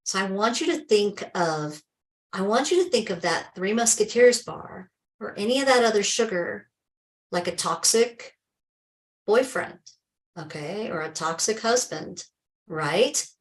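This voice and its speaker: A woman's voice: medium pitch, animated, unhurried, rough recording. A woman talks straight to her live-stream viewers as a health coach, calling them by name. She is emphatic and chatty, full of exclamations, with remarks of faith mixed into her advice.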